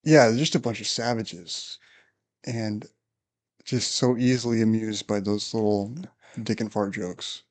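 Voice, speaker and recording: A man hosting a podcast, telling a work story in casual chat, his voice climbing high as he laughs through it. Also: fairly even intonation, a little slow. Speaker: podcast host, police officer.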